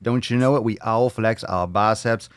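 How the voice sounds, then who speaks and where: A man hosting a casual livestream podcast, joking and swearing loudly with hype-style bravado. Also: fairly low pitch, moderate pace, clear, resonant tone, no room sound. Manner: brash, joking, profane hype talk. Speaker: podcast host.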